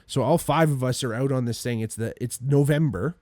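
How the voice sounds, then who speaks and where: Male podcast guest, animated storyteller, mid pitch, dry close sound. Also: brisk, no room sound. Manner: animated storyteller, acts out quotes, swears a lot, laughs often. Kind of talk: casual storytelling.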